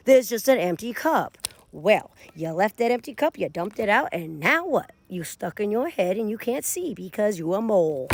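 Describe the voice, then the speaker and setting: A woman gives a casual tarot reading with a gravelly edge to her voice. Her pitch swoops up and down as she speaks to her viewers directly. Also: normal speed, no echo. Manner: animated, addresses viewers directly. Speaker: tarot reader.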